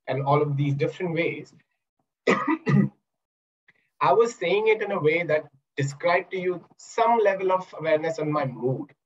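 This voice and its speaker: A male NLP coach and trainer gives a webinar talk over a video call, teaching through questions and acted-out examples. His voice is on the high side, and the sound is lo-fi.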